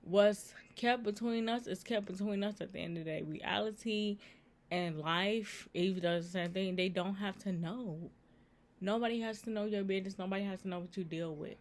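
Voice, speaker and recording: A woman's voice: medium pitch, normal speed. A woman giving earnest, repetitive faith advice in a casual vlog, talking straight to her viewers. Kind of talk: casual Christian encouragement vlog.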